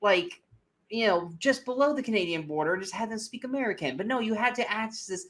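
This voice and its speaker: A man's voice: sits high, a little fast, a crowd in the background. A man co-hosting a casual movie review podcast, ranting animatedly and swearing freely as he picks a film apart. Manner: animated, profane ranting with mocking asides. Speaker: podcast co-host.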